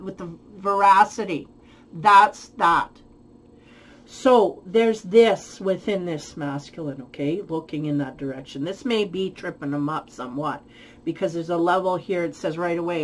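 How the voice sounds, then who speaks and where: A woman's voice: lowish voice, measured pace, a little hiss or hum, rough recording. Woman giving a meandering tarot reading. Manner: thoughtful, searching for words, frequent light laughs. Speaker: tarot reader.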